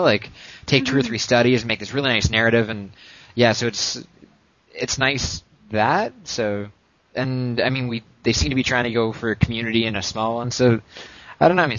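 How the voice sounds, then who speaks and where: A man's voice: medium pitch, a bit bright, no echo. A man with a Canadian accent hosting a casual podcast chat, rambling and hedging with lots of fillers. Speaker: podcast host. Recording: dull lo-fi dry sound.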